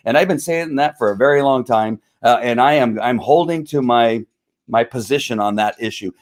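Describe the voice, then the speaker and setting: Male livestream host, mid-pitched, heated rant, frustrated, rambling, lots of fillers. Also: moderate pace.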